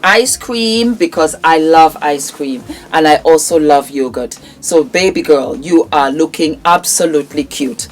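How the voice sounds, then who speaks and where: A woman's voice: deep voice, measured pace, few pauses. A woman hosting her channel, casually promoting products in a gushing, affectionate way and calling viewers darling. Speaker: vlog host.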